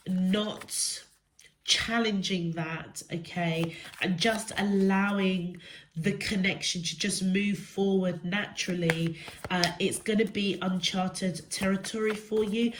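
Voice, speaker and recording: A woman's voice: mid-range voice, slight background noise, low-quality recording. A woman with a stuffy, congested nose, giving a rambling, casual tarot reading to camera and often checking in with the listener. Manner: rambling, checks in with the viewer often ("okay?", "yeah?"). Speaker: tarot reader.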